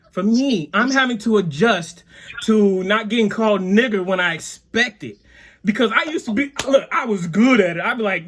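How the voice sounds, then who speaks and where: A man doing an animated stand-up set over a video call, laughing along with his own jokes. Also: high-pitched, husky. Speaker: stand-up comedian.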